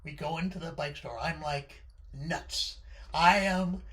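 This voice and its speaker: A man in his fifties telling a personal childhood story in an excitable, animated way, stumbling over repeated words. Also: a little high, measured pace. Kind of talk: personal story told to an audience.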